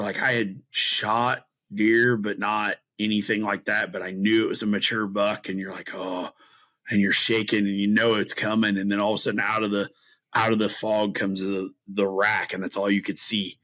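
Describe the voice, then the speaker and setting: A man's voice: on the low side, little pitch movement, normal speed, pushed and bright, low-quality recording. A middle-aged man, a guest on a podcast, telling a story casually and animatedly, acting out his own reactions between many fillers. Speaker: podcast guest, bowhunter and string maker.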